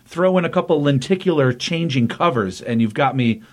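A man's voice: medium pitch, lively intonation, normal speed, a little mellow. A man hosting a casual podcast, retelling a comic book plot with rambling enthusiasm and lots of fillers. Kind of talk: casual chat recapping a comic.

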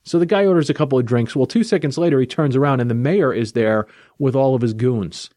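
Male host, mid-pitched, dry close sound, retells a plot with playful energy. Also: quick pace, no echo. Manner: lively, jokey storytelling. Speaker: podcast host reviewing a comic. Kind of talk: casual chat recapping a story.

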